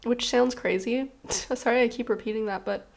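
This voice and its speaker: Earnest higher-voiced woman tarot reader. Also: fairly even intonation, normal speed, vocal fry. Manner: earnest, rambling, many "like" fillers. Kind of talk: casual spoken tarot reading to camera.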